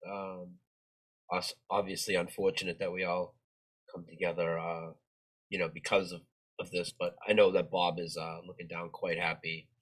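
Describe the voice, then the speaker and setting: Deep-voiced man giving an earnest tribute. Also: flat delivery, moderate pace, poor audio. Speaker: guest.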